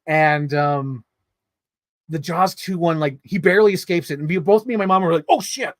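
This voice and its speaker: A man casually reviewing movies in a vlog, telling stories in an excitable, rambling way full of swearing and filler words. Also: a little high, normal speed, dry recording, clean studio sound.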